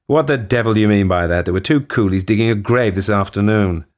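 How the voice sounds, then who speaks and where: A man voicing a pompous, irritable older British businessman who speaks in gruff, blustering outbursts. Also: low voice, sing-song, a little fast, exaggerated voice. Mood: irritated.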